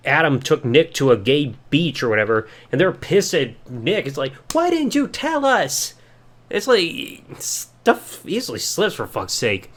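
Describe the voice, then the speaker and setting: A young man hosting a casual solo review podcast, rambling along and swearing casually. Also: fairly high pitch. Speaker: podcast host.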